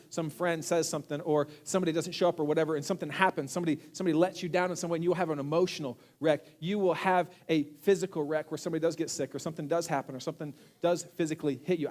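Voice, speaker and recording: Guy pastor with a high voice, chatty sermon, jokes on himself, tells stories. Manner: casual, animated storytelling with self-deprecating humor. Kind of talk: conversational sermon. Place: church sanctuary.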